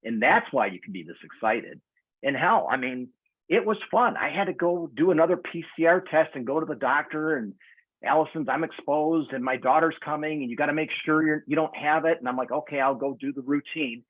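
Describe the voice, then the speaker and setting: A man in his sixties chatting casually on a video call, telling stories in an animated way. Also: a little high, brisk, slightly rough, dry recording. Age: 60s. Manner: animated storyteller, acts out quoted voices. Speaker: guest community member. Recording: tinny phone-like video call audio.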